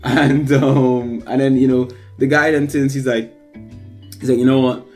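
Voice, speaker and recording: A man's voice: mid-range voice, little pitch movement, a little slow, a little mellow, soft background music. A man casually telling a long personal anecdote, full of fillers, acting out what others said. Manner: rambling anecdote with many fillers, acts out quoted voices. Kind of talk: casual storytelling chat.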